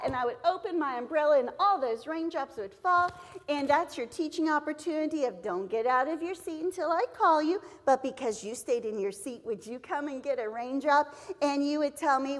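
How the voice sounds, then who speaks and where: A woman's voice: high-pitched, normal speed. A woman presenting a teacher-training seminar, acting out letter sounds and classroom scenes as she explains. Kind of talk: lively teacher-training talk. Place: church hall. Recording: echoey hall reverb.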